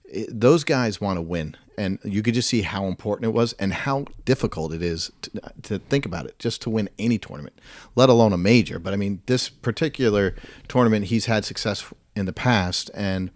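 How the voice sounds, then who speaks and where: A middle-aged man co-hosts a sports chat in a relaxed, rambling way, full of fillers and gentle teasing. His voice sits a bit low, and the room is dry with no echo. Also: fairly quick. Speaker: sports show co-host. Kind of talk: casual sports talk.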